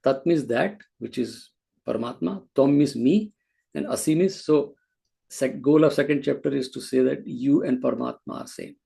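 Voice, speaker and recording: A man's voice: mid-range voice, normal speed, vocal fry, mellow, breathy edge. A man teaching a scripture class, explaining patiently with frequent restarts. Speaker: spiritual teacher.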